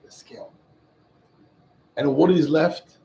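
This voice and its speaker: A man's voice: fairly high pitch, steady tone, takes it slowly, vocal fry, dark tone, low-quality recording. A man, a rabbi, giving an emphatic Torah class, quizzing his listeners and mixing in Hebrew phrases. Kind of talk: Torah class to a live group.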